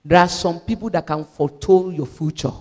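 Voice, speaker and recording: Lively Nigerian woman evangelist preaching. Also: fairly low pitch, brisk, long reverb tail. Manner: animated preaching, mixing in Pidgin. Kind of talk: sermon.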